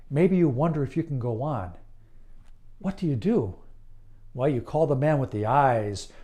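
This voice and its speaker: A hypnotist man talks to the listener in a calm, deliberate monologue that soothes and reassures. His voice sits a little high for a man yet sounds mellow and warm, never sharp. He leaves long pauses between phrases. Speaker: certified hypnotist. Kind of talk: slow, earnest promotional monologue.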